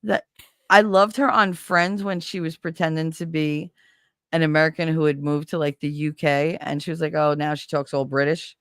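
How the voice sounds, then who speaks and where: Woman streamer host, casual animated storyteller, lowish voice, dry sound. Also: moderate pace, no echo. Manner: animated storytelling, laughs often. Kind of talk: casual chat.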